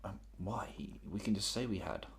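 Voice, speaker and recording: A man's voice: lowish voice, normal speed. A man playing a tabletop game, speaking casually and hesitantly. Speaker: player.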